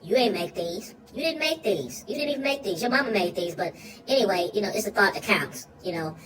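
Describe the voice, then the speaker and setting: A woman's voice: mid-range voice, lively intonation, brisk, distant mic, background noise, natural voice. A woman playing a goofy, food-loving young boy, rambling through a comic monologue with slang and sudden squealing outbursts.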